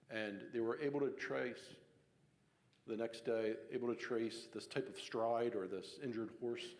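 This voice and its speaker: A man's voice: mid-range voice, darkish tone. A man from giving a casual public talk on local history, telling the story conversationally with fillers and restarts. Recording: long hall reverb.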